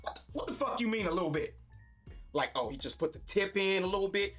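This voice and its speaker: A man's voice: high-pitched, animated, quick pace, a bit bright, faint music behind. An actor playing a brash young man who trash-talks his friend with crude street slang in a sitcom. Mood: angry. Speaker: sitcom character. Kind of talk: sitcom acting.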